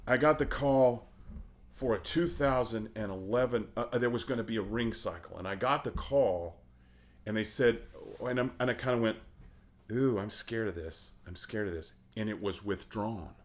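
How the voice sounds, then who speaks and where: Man, middle-aged, opera singer guest, casual chat, animated storyteller, medium pitch. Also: moderate pace. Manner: animated storyteller, laughs often.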